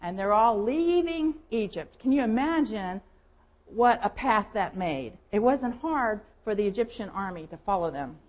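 Here a woman with a medium-pitched voice preaches at a measured pace, though the audio is poor. She is a pastor with a Southern American accent, telling Bible stories vividly and with lively storytelling, acting out the voices she quotes.

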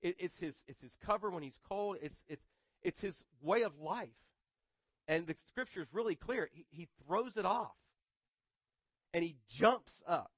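A man's voice: high voice, animated, unhurried, a bit bright, breathy edge, no room sound. A man preaching a sermon in a conversational way, often repeating words and adding humorous asides. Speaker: pastor.

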